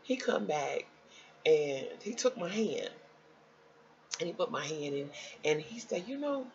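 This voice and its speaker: A woman telling viewers a personal health story in a casual, animated way, talking straight to them. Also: a little slow, gravelly, lo-fi sound, a little hiss or hum. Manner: animated, jumps high when quoting others; conversational, addresses viewers as y'all.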